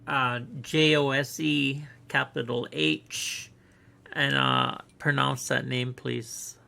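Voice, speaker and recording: A live-stream host chatting casually, hesitant and halting, stopping often to spell out names. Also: medium pitch, little pitch movement, gravelly, pushed and bright. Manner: hesitant, halting, with many fillers.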